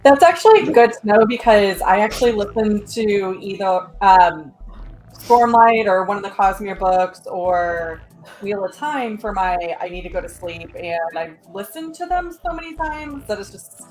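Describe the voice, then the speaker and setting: A woman's voice: medium pitch, expressive, unhurried, darkish tone, rough recording. A woman with an ordinary mid-range voice, speaking as a podcast guest. She lays out information methodically and plainly, with easy casual phrasing. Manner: clear, explanatory, methodical. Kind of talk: casual video-call chat.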